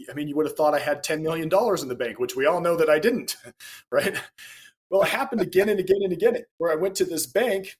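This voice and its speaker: A man being interviewed as a guest, telling a personal anecdote in a conversational way, acting out quoted dialogue and laughing between points. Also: on the high side. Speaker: podcast guest, speaker and author.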